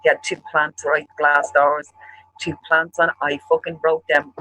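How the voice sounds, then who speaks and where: A man with an Irish accent, co-hosting a show and telling a long story, animated and full of swearing. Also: fairly high pitch, moderate pace, rough recording. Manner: profane, animated storyteller acting out quarrels. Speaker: show co-host. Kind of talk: casual storytelling chat.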